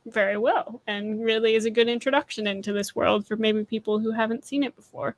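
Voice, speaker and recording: A woman's voice: fairly high pitch, fairly even intonation, brisk. A woman hosting a podcast panel, easygoing and casual, restarting her sentences. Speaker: podcast host.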